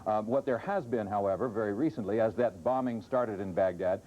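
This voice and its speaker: A male correspondent with a low, mellow voice reports in a measured way. The sound is dull and lo-fi, with faint noise behind. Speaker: news correspondent. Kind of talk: news report. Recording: dull lo-fi broadcast.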